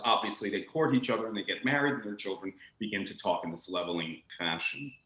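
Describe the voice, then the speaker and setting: A man talking about the history of accents as a guest, animated and expressive, often restarting his sentences. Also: lowish voice, roomy sound, slight background noise, low-quality recording. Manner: expressive, acts out accents in quick asides; frequent restarts and stammered repeats. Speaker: guest speaker on linguistics. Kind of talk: animated conversational lecture.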